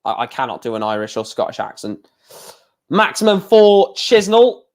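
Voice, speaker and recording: Young male streamer, casual darts caller, chatty and opinionated, grumbles about slow matches. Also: high voice, very animated. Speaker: livestream watchalong host. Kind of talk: casual live darts commentary.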